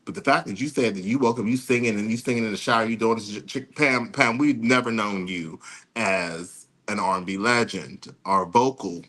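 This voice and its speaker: Sassy man with animated gossip delivery. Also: on the low side, moderate pace. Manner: animated, sassy, mocking impressions and singing bits. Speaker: podcast co-host. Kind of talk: casual commentary chat.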